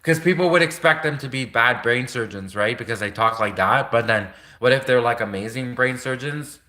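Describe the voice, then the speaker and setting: A young man riffing loosely on a livestream, stringing thoughts together with constant fillers and breaking into laughter. His voice is bright and forward. The delivery meanders and stays casual throughout. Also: mid-range voice, normal speed. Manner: rambling, heavy "like" filler, frequent laughter. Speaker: livestream host. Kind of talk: rambling casual monologue.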